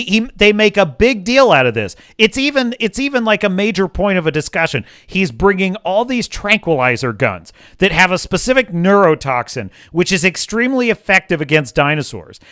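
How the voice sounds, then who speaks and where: High, lively sarcastic male streamer. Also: clean tone, no room sound, studio quality. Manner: sarcastic, ranting, profane. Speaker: livestream host. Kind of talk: casual chat reading live chat.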